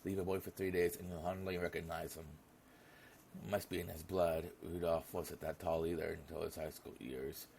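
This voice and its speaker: A man's voice: deep voice, flat delivery, moderate pace, gravelly, darkish tone, slight background noise. A man voicing a jolly, plump middle-aged businessman uncle who brags heartily. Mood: hearty.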